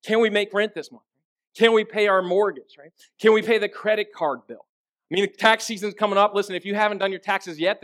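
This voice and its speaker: A pastor preaches in a conversational style, frequently posing rhetorical questions to his congregation. His male voice sits high and has a slightly bright quality.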